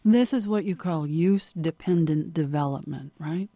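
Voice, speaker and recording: An interviewer with a gravelly, mellow voice poses follow-up questions and affirms the guest's points. The sound is dry and close. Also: mid-range voice, moderate pace, no room sound. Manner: affirming, inquisitive.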